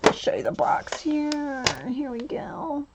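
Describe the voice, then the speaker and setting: A woman's voice: high voice, fairly even intonation, slow pace, noisy background. A woman hosting a casual coloring tutorial, chatty and giggly with frequent fillers. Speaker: coloring channel host.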